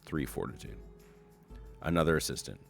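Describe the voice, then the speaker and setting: A man's voice: a bass voice, expressive, moderate pace, creaky, faint music behind. A man streaming an old online game, reading its text aloud with wry, playful remarks. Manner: wry, playful, reads quotes in funny voices.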